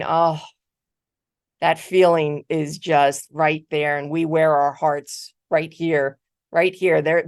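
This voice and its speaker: A middle-aged woman giving a motivational keynote, telling a personal story in a conversational, animated way and often repeating words. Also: low-pitched, no room sound, clean studio sound. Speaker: keynote speaker. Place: virtual conference talk.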